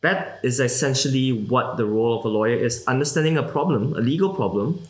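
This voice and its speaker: A young Malaysian man, guesting in a casual interview, talks quickly and loosely at medium pitch, using lots of "like" fillers and the occasional swear word. The recording is roomy and echoey.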